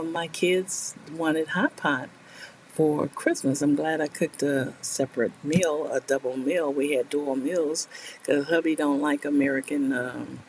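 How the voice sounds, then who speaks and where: A middle-aged woman talks casually and at length to her viewers from a small bedroom desk, laughing often between stories. Her voice sits a little low, and a faint ambient hum stays under it. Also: darkish tone, rough recording. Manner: chatty, rambling, laughs often. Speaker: writing streamer. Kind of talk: casual chat to live viewers. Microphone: new desk mic, not yet working well.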